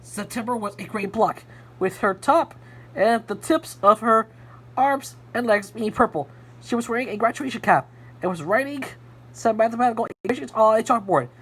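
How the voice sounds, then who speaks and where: A woman reading a fan story aloud in an expressive storybook style. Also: a little high, moderate pace, breathy edge. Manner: expressive, lively narration. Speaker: reader.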